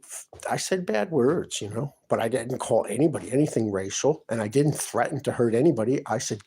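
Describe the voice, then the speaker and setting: A man's voice: fairly low pitch, normal speed, mellow, slight background noise. A man talking at length in his apartment, distressed and aggrieved, rambling from one complaint to the next. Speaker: vlogger. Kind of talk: rambling personal monologue to camera.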